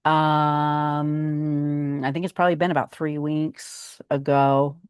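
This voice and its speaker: An older woman with a low voice talks to her viewers in a casual vlog update. She rambles from one thing to the next and fills pauses with ums. The sound is close and dry, with no room echo. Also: little pitch movement, darkish tone, clear, resonant tone. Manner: chatty and meandering, with frequent ums. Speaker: vlog host.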